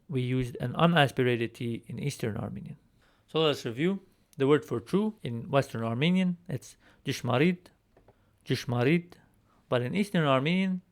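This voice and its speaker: A man teaching a recorded alphabet lesson, speaking patiently and repeating each word slowly so learners can follow. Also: medium pitch, smooth. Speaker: language teacher.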